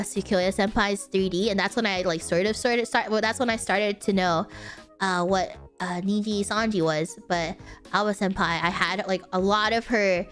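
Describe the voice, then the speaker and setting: A woman chatting casually as a streamer, rambling with lots of fillers and restarts, giggling often and apologizing for mispronouncing names. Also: mid-range voice. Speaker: streamer answering viewer questions. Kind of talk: casual chat.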